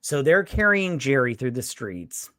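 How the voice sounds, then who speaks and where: A man co-hosting a movie review podcast, tipsy from drinking, rambling through an animated, casual retelling of the plot with lots of asides. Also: mid-range voice, unhurried, dry recording, studio quality. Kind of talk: casual drunk movie recap.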